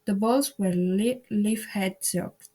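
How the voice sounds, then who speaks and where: A woman reading a children's classic aloud as an audiobook narrator, in a measured storytelling manner. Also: mid-range voice, dark tone.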